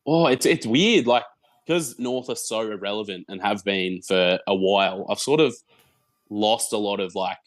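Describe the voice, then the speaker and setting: A young Australian man, a podcast guest, chatting casually and telling animated stories, often repeating words as he goes. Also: lowish voice, normal speed. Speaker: guest, football content creator.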